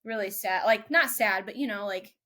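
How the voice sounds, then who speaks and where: Animated young woman telling a story. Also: medium pitch, moderate pace. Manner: lively, animated when quoting others. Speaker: aircraft mechanic guest. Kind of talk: casual storytelling.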